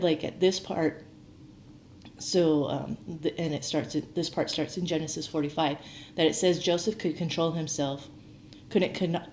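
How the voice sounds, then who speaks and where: An archaeology educator, a woman whose voice sits low and a little mellow, chats her way through a Bible story, leaning on "like" and acting out what characters say. Faint noise and a roomy echo color the recording.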